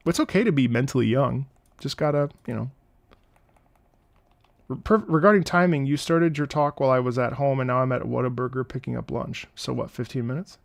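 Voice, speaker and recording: A man's voice: medium pitch, fairly quick, vocal fry. A man streaming and chatting casually with viewers, rambling, laughing often and swearing freely. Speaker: streamer reacting to music. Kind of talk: casual live-stream chat.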